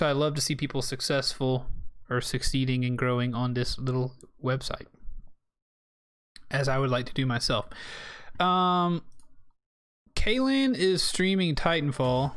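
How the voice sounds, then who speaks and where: A man's voice: medium pitch, fairly bright tone, smooth. A young man closing out his game stream, chatting casually and thanking viewers by name. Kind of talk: casual end-of-stream chat.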